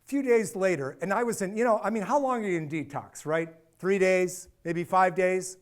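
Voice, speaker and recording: A middle-aged man giving a personal storytelling talk, animated and acting out the dialogue. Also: sits high, moderate pace. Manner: animated, acts out dialogue, repeats phrases for effect. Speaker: speaker and author.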